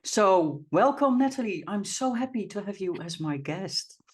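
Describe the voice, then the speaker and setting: A woman with a Dutch accent, hosting an interview podcast and talking in a chatty way with some halting restarts. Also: medium pitch, expressive, husky. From Netherlands. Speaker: podcast host.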